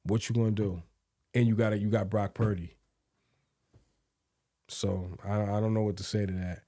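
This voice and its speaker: A man's voice: fairly low pitch, level tone, moderate pace, mellow, dry recording, clean studio sound. A man co-hosting a podcast, chatting casually about sports and often repeating words as he thinks aloud. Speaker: podcast co-host.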